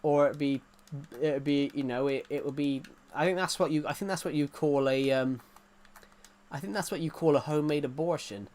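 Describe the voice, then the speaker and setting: A man's voice: a little high, moderate pace, darkish tone. Rambling, joking male streamer. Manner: rambling, joking, chatting to viewers. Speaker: live streamer. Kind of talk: casual gaming live-stream chat.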